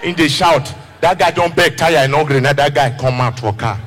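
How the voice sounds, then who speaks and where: A man's voice: a little high, moderate pace, fairly bright tone, long reverb tail. A man with a Nigerian Pidgin English accent doing a stand-up comedy routine on a live stage, telling stories and slipping into characters. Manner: storytelling, switching into acted characters.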